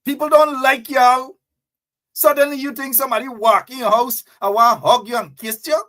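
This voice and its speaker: A man's voice: very high-pitched, fairly even intonation, normal speed, a bit bright. A man with a Guyanese accent hosting a live talk show, preachy and repetitive, calling out his viewers by name. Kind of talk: impassioned live-stream commentary.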